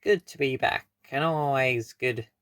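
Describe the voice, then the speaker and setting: A performer voicing a swaggering pirate who talks in drawn-out pirate slang for a comedy sketch. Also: mid-range voice, fairly bright tone, no room sound, clean studio sound, lightly acted. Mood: jolly.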